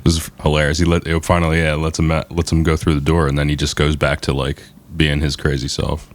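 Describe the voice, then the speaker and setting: A man's voice: very deep voice, completely flat delivery. A man co-hosting a podcast, talking through a movie in casual chat, often restarting his sentences. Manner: halting, restarts mid-sentence. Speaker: podcast co-host.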